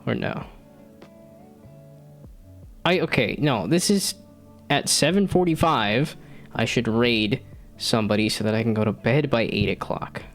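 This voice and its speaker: A man's voice: mid-range voice, a little slow, pauses often, faint music behind. A man in his thirties chatting casually on a live stream, rambling and self-deprecating, laughing often. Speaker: streamer and hobby game developer.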